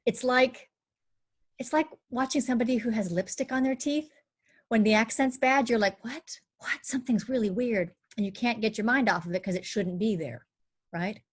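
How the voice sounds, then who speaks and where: A woman's voice: a little high, normal speed. Woman dialect coach explaining step by step. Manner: explains in clear steps, lively. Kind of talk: live online panel talk.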